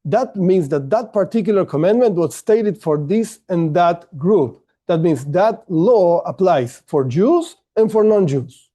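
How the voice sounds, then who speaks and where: A man's voice: sits high, animated, unhurried, warm tone. A man teaching an online class, explaining ideas step by step, often restarting and rephrasing as he goes.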